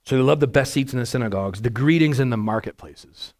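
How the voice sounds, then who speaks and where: A man, a pastor, giving a conversational verse-by-verse sermon to a congregation in a church, with a naturally loud voice and frequent "right?" asides. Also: mid-range voice, quick pace. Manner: naturally loud, chatty, asks the room "right?". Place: church sanctuary before a congregation.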